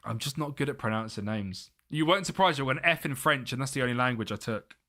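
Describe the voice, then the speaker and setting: A man's voice: medium pitch, animated, fast, pushed and bright. A young British man chatting casually on a live gaming stream, muttering to himself and laughing often.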